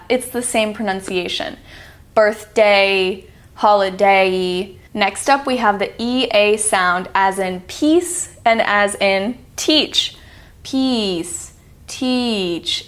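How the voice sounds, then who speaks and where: A woman teaching pronunciation in a video lesson, speaking at an unhurried, deliberate pace. Her pitch sits in an ordinary middle range. She is patient and stretches out each example word so learners can copy it. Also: a bit bright. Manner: slow, patient, drawing out model words. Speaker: accent reduction teacher.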